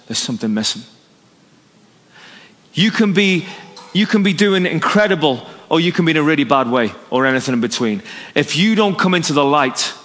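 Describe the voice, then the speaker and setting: A man preaching an evangelistic sermon, telling a story and acting out its dialogue. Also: fairly high pitch. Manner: animated, story-driven, acts out dialogue. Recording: long hall reverb.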